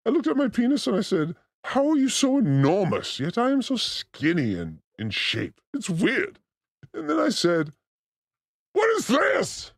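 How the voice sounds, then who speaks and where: A man playing a boastful, crude demon character, ranting manically on a live comedy stream with frequent shouted outbursts. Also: high voice, wildly swooping pitch, moderate pace, vocal fry, exaggerated voice. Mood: manic.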